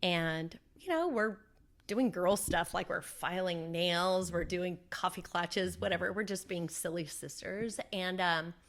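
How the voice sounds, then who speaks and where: Animated woman telling a personal story. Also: lowish voice, unhurried. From Southern California. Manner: animated storyteller, acts out her own quotes. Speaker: interview guest.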